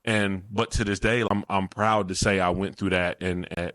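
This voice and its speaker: A man co-hosting a podcast, talking in a reflective, encouraging and steady way. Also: low-pitched, normal speed, no room sound. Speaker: podcast co-host. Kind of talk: casual chat.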